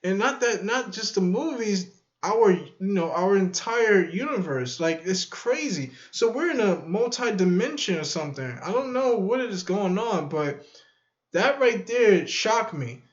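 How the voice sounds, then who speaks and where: A man's voice: high-pitched, big pitch swings, a little slow. A man vlogging in casual chat to the camera, rambling and musing and going back over the same points. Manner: rambling, musing, repeats himself. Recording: echoey room, dull lo-fi sound.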